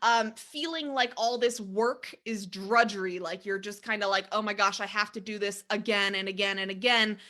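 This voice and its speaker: A woman's voice: mid-range voice, steady tone, normal speed, hardly any pauses, pushed and bright. A young adult woman co-hosting a podcast, talking earnestly and upbeat, explaining her ideas with everyday examples. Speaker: podcast co-host. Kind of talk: casual podcast chat.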